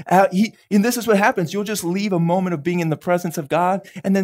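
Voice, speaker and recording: A male pastor preaching a live sermon in an animated way, laughing often and briefly acting out bits of dialogue. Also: high voice, fairly quick.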